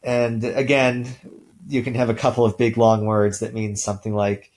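A male linguistics instructor giving a recorded lecture in a relaxed way, with many ums and uhs and the odd throat clear. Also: on the low side, normal speed, low-quality recording.

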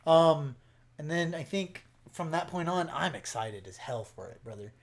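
A young man co-hosting a casual podcast, excitable and swearing freely, trailing off into fillers. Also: a little high, moderate pace. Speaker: podcast co-host. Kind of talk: casual chat.

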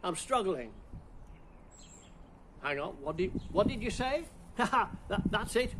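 A man with a fairly high voice who talks slowly and plays at puzzling over each riddle before landing the punchline. He has a teasing, playful way with the jokes. Faint background noise sits under his voice. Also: very animated. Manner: playful, answers his own riddles with mock puzzling and chuckles. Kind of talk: playful Christmas riddle routine.

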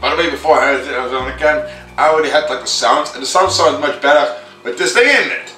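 A man rambling casually through a toy unboxing vlog, chatty and self-mocking, his voice a little hoarse. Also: a little high, fast talker, pushed and bright, faint music behind. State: slightly hoarse voice. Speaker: vlogger reviewing a toy. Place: room indoors. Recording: echoey room, mic at a distance.

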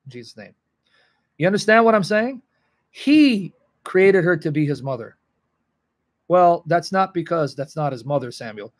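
A man's voice: on the high side, lively intonation, moderate pace, long pauses. A man leads a livestream Bible session and speaks to viewers in the chat by name. He is earnest and openly emotional. His voice sits a little above the usual male range. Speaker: Bible teacher. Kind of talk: livestream teaching answering chat.

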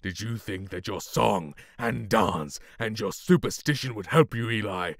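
A young man acting out a ruthless middle-aged oilman who taunts slowly and swells into roars, recorded close on a studio condenser mic. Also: lowish voice, gravelly, no room sound. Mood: menacing taunting.

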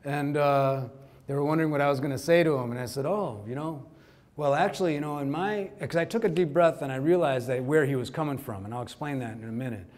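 A man in his forties from Kerala, India, giving a keynote speech to a conference audience, telling personal stories in a relaxed, conversational way with lots of asides. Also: on the high side, quick pace. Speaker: keynote speaker. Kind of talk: storytelling speech. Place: conference hall before an audience.

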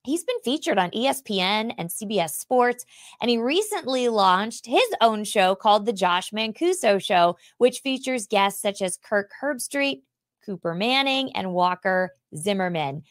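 A woman's voice: mid-range voice, lively intonation, no echo, clean studio sound. A woman hosting a talk show, reading a sponsor spot and chatting with a guest in a bubbly, effusive way. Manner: bubbly and effusive, quick to laugh. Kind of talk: casual interview chat.

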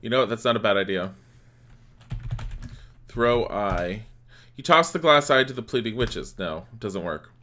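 Bright-voiced man streaming a game. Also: lowish voice, lively intonation, moderate pace, long pauses. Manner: reads on-screen game text aloud between typed commands. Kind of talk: live game playthrough.

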